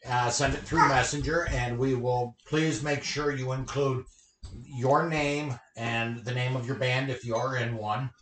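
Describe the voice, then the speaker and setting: A woman's voice: a bass voice, fairly even intonation, a little slow, reverberant, heavy background noise. A woman co-hosting a casual true-crime podcast at home, teasing and joking with her co-host. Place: home living room, on a couch.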